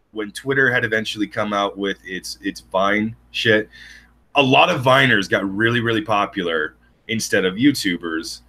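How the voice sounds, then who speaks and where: A man's voice: fairly low pitch, sharp tone. A man co-hosting a podcast in casual chat, blunt and profane, rambling through stories. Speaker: podcast co-host.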